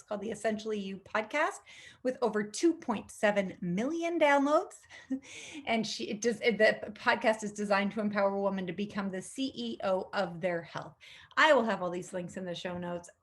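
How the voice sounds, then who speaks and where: A podcast host introduces and questions her guest with effusive enthusiasm. Her voice is a little high and a bit bright.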